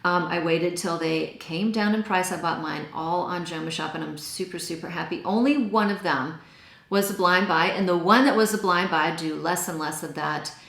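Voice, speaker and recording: A woman's voice: on the low side, normal speed, gravelly, a bit bright, roomy sound. A woman with a Texan accent, chatting enthusiastically as she reviews perfumes. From Texas. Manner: chatty and enthusiastic, gushing over scents. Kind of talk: casual product review.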